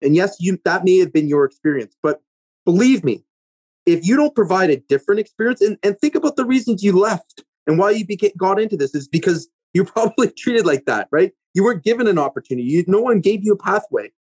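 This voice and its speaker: Husky man giving business advice. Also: sits high, animated, brisk, darkish tone, no room sound. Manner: emphatic, coaching tone with frequent "right?" checks. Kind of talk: casual podcast conversation.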